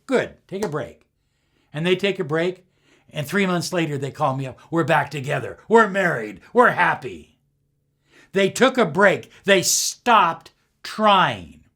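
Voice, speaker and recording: Male life coach, higher voice with very lively pitch, emphatic motivational talk to camera. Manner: animated, emphatic, acts out quoted clients.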